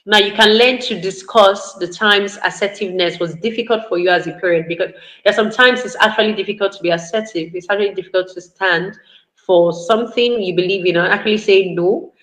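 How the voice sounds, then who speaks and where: A woman's voice: medium pitch, brisk, fairly bright tone, poor audio. A woman giving a parenting talk in an earnest, instructive way, repeating key points. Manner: earnest, repetitive instructive delivery. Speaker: parenting speaker.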